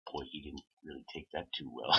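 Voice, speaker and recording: A man with a husky, rather low voice rambles through a profane rant and laughs at his own stories. His tone is edgy and sharp, swinging widely up and down. The audio sounds dull and lo-fi.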